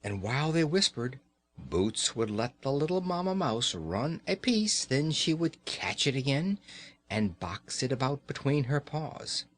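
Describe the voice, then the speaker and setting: A man reading a children's story aloud in a slow, expressive way. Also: on the high side.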